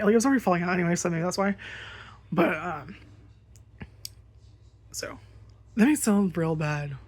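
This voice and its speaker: Woman vlogger, casual storytime rant, slightly low voice, rambling, freely profane. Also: steady tone, fairly quick, pauses often, a little mellow. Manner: rambling, swears freely, lots of fillers.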